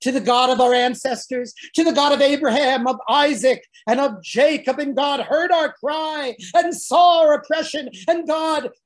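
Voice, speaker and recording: A woman's voice: sits high, moderate pace, hardly any pauses, voice pushed up, close to an everyday voice. A woman quoting Moses, an aged male prophet, in a solemn, rising recitation.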